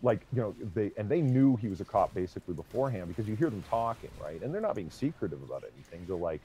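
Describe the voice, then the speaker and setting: A man streaming a game, chatting casually and telling an animated story, swearing freely. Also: fairly low pitch, quick pace, hardly any pauses, a little hiss or hum. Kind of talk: casual chat while gaming.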